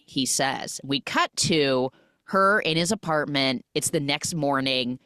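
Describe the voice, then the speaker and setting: A woman hosting a podcast, recapping a film in a casual, animated storytelling way and acting out the characters' lines. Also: extremely low pitch, moderate pace, no room sound, studio quality. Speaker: podcast host.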